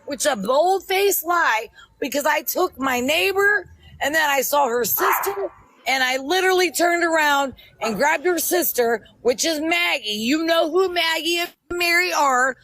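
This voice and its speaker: A woman's voice: high voice, animated, measured pace, pushed and bright, low-quality recording. A middle-aged woman on a livestream, angrily confronting someone in an insistent, repetitive, scolding way. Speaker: livestream guest confronting host.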